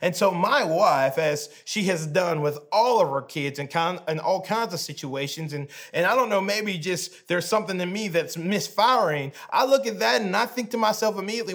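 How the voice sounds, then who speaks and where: This thirtysomething pastor has a high voice and talks at a moderate pace with hardly any pauses. Sharing a family story in his sermon, he moves from soft, hushed moments to animated stretches.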